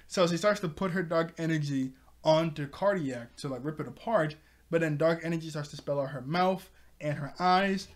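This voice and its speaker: A man's voice: on the high side, normal speed. A young man casually recapping a cartoon episode, rambling with lots of fillers and frequent laughs. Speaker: show reviewer.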